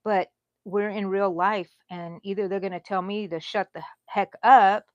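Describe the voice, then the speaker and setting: A woman's voice: mid-range voice, fairly even intonation, unhurried, dry recording, lo-fi sound. Middle-aged woman host, rambling chatty livestream talk while crocheting, dry close sound. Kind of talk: casual chat during a livestream.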